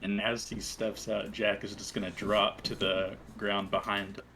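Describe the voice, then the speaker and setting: A man's voice: on the low side, level tone, moderate pace, sharp tone, a little hiss or hum. A man playing a tabletop game, describing his character's actions hesitantly with fillers. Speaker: player. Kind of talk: casual tabletop play.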